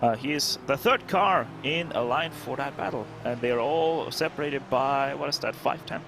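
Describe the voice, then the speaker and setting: A man's voice: medium pitch, normal speed, vocal fry. A man co-commentating a sim race, giving poll numbers and race updates in a matter-of-fact way. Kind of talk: live sim racing commentary. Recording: background noise under commentary.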